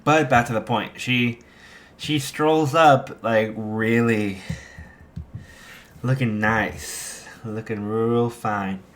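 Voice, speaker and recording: Slow, rambling male storyteller. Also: medium pitch, fairly even intonation, fairly bright tone. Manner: rambling, full of fillers and restarts. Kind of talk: improvised fan fiction narration.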